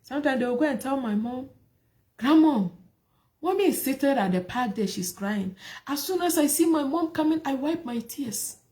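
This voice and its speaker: Soft-voiced woman giving emotional testimony. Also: high voice, animated, normal speed. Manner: emotional, repetitive, rhetorical questions. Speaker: prophetess sharing her life story. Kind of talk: personal testimony talk.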